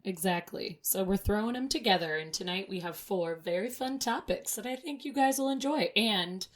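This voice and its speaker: A woman co-hosting a podcast in casual chat, playful and quick to laugh. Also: medium pitch. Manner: laughs often, chatty and playful. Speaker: podcast co-host.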